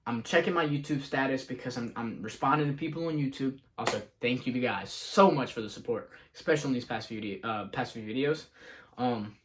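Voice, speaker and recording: Sitting in a car, a young male vlogger recaps his day in a loose, rambling chat. His mid-range voice is a bit bright, and he scatters between thoughts, quoting himself and others from conversations.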